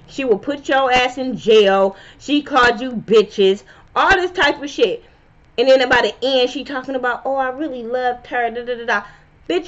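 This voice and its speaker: A woman, reviewing reality TV in a blunt, profane, animated rant. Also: sits high. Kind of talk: casual opinion vlog. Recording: slightly dull lo-fi sound.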